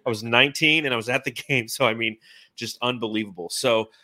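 Bright, dry-sounding male podcast host in his forties, animated and chatty. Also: medium pitch, brisk, no echo. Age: 40s. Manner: enthusiastic, rambling, animated. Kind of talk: casual sports podcast chat.

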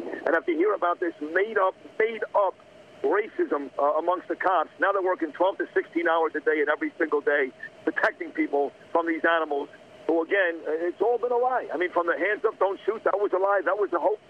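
A middle-aged man calling into a talk radio show by phone from a windy street, ranting in a rapid, heated, rambling way. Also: a little high. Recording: muffled phone line.

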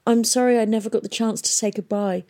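A woman's voice: a little high, fairly even intonation, fast, darkish tone, voice pushed up, close to an everyday voice. Woman voicing a brittle, tense young heroine. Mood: thin, tense. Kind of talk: audiobook reading.

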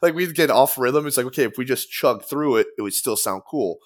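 A man's voice: mid-range voice, expressive, fairly quick. A young man chatting as a musician guest, rambling and profane, with lots of fillers. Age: young adult. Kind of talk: casual podcast chat.

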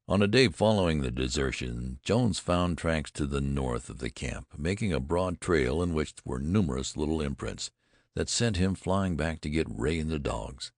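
A man narrating an adventure audiobook in a measured, dramatic storytelling manner. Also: rumbling low, no echo, studio quality.

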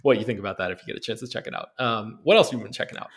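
A man's voice: lowish voice, fairly bright tone. A man hosting a casual film podcast, talking loosely and conversationally. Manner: quick, loose, conversational with fillers. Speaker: podcast host.

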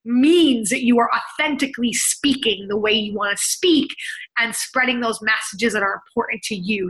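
A woman in her thirties hosting a podcast, talking on her own in an energetic, emphatic, conversational way as a business coach. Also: fairly high pitch, rough recording. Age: 30s. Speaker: podcast host. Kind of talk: solo podcast monologue.

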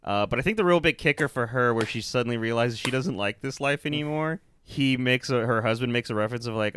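Smooth-voiced man reviewing a film. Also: mid-range voice, quick pace, hardly any pauses. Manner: animated, laughs often, swears. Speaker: podcast co-host. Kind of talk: casual movie review chat.

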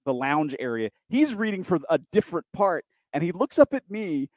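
A man with a slightly higher voice tells self-deprecating stories in a casual chat and tosses in quick asides. The sound is dry and close. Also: big pitch swings, darkish tone, no echo.

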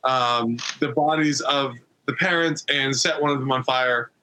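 Bright-voiced rambling male podcast host. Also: medium pitch, fairly even intonation, slight background noise, rough recording. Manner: rambling, halting recaps with many restarts. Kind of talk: casual chat.

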